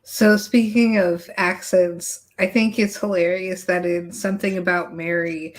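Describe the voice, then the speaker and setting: A woman speaking slowly in casual chat, amused and laughing now and then as she talks. Her voice sits a little low. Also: fairly even intonation, slight background noise. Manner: amused, laughs while talking.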